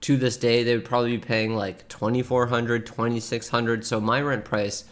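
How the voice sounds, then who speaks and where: A man's voice: mid-range voice, flat delivery, normal speed. A man in his thirties giving casual reaction commentary as a streamer, chatty, breaking into laughter often and reading posts aloud with asides. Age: 30s.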